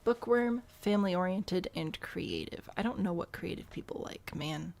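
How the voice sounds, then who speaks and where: A woman's voice: fairly low pitch, normal speed, vocal fry, darkish tone. A young woman giving casual, rambling gameplay commentary, thinking aloud and poking fun at herself. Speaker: gameplay host.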